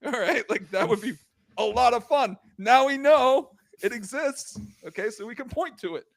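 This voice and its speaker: A young man hosting a casual sports podcast, animated and joking, heated as he rants, full of slang and filler words. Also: extremely high pitch, moderate pace, gravelly. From Korean American. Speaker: podcast host.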